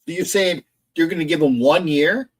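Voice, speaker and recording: A man's voice: a little high, normal speed, husky. Rambling man streaming football talk. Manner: rambling, reads chat aloud and argues with it. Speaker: sports streamer. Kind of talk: casual live stream chat. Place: indoor home streaming setup.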